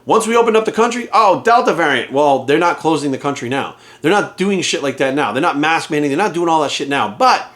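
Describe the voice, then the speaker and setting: A man with a fairly high voice rants to camera, heated and profane throughout. He drives every point home with repetition and blunt emphasis, talking like a fitness coach who has had enough. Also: lively intonation, fast, few pauses, a bit bright. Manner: heated, profane, emphatic, repeats phrases for force. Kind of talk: ranting monologue to camera.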